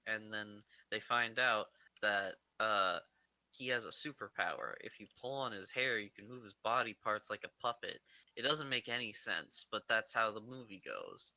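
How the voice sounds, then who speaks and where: A man's voice: lowish voice, moderate pace, sharp tone, dry recording. A young man casually recapping a movie plot, rambling with fillers, swearing and acting out lines.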